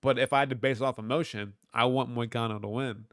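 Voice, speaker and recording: A man's voice: medium pitch, fairly even intonation, fast talker, a bit bright, no echo, clean studio sound. A man hosting a livestream, reading chat and talking back to it in a rambling, profane, slangy way. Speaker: livestream host.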